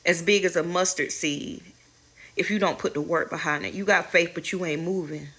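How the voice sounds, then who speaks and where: Candid woman preaching casually, low bright voice. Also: fairly even intonation, moderate pace, breathy edge. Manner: candid, preachy, swears freely, addresses viewers as y'all. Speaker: spiritual advisor and channel host. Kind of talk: casual inspirational talk to viewers.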